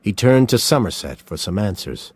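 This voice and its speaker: A man narrating a story in a slow, scripted reading. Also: fairly low pitch, very animated, husky, dry recording.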